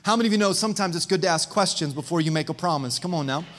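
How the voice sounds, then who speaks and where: A pastor with a high, bright-toned male voice delivers a lively sermon. He tells stories with animation and keeps calling out to the congregation to respond. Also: very fast. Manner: preaching with crowd call-outs; animated storytelling.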